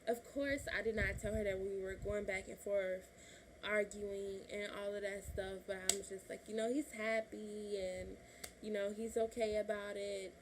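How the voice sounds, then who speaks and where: A woman's voice: medium pitch, little pitch movement, normal speed, background noise. A woman of twenty-one from Illinois, telling a personal story to her camera in a chatty vlog, laughing often and acting out what her family said. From Illinois, USA. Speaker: vlogger.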